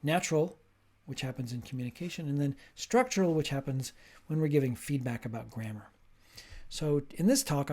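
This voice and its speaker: A man with a slightly high voice lectures as a professor. He explains his points clearly and with emphasis, in the steady rhythm of a prepared teaching talk. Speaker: linguistics professor. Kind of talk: short lecture.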